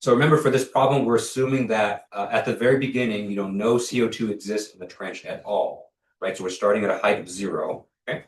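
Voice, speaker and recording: A man's voice: on the low side, steady tone, fast talker, recorded from a distance. Young male lecturer, casual, in an echoey hall. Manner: casual, many fillers and restarts, checks for questions. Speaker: university lecturer. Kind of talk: classroom lecture.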